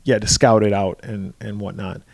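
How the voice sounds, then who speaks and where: Man, podcast co-host, lowish voice, casual plot recap, profane, dry close mic. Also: steady tone, normal speed, creaky, darkish tone, dry recording. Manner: loose, profane, recaps plot with filler words. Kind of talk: casual movie-recap chat.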